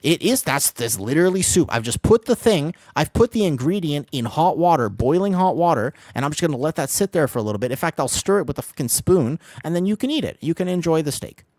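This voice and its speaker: A man streaming an online game as a healer, rambling excitably through casual commentary, swearing freely and laughing often. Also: fairly high pitch, fast, few pauses, dry recording, clean studio sound. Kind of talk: casual live gameplay commentary.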